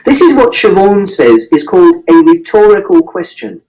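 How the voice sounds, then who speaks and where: A man's voice: high-pitched, sing-song, normal speed, darkish tone, rough recording. A man reading a first-person audiobook in a precise, literal, matter-of-fact way. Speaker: audiobook narrator.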